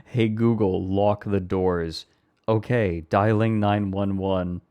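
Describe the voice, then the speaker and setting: A man's voice: fairly low pitch, fairly even intonation, takes it slowly, a little mellow, clean tone. A man streaming, giving laid-back, joking commentary in a casual reaction stream.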